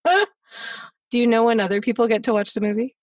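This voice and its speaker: A woman's voice: a little high, animated, normal speed, no echo, far from the mic. A woman hosting an interview podcast, chatting casually and laughing often. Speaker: podcast host. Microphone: remote recording.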